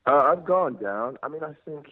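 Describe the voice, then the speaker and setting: A man in his thirties from Nigeria, a guest telling relaxed stories over the phone and laughing often. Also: fairly high pitch, moderate pace, dry recording. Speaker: guest actor. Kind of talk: casual phone interview. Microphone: phone line. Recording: tinny dry phone line.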